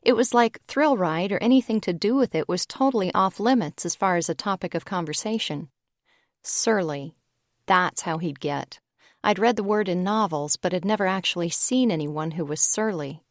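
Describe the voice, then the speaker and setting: A woman narrating a young adult audiobook in the first person, relaxed and conversational. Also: on the low side, normal speed, no echo, studio quality.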